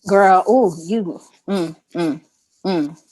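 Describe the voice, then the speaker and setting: A woman's voice: on the low side, darkish tone, poor audio. A woman co-hosting a casual podcast while eating, teasing her co-host and laughing a lot. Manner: teasing, laughs a lot, slow easy talk.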